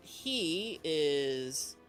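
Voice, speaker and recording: Slow-talking game master man. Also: fairly high pitch, big pitch swings, a bit bright, low-quality recording. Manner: unhurried, full of ums and restarts. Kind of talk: narrating a tabletop game. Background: faint background music.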